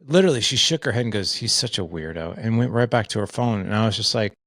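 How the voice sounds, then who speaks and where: A middle-aged man, a podcast guest, telling stories in an earnest, animated way with plenty of filler words. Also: on the low side, fast, no room sound. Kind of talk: casual conversation.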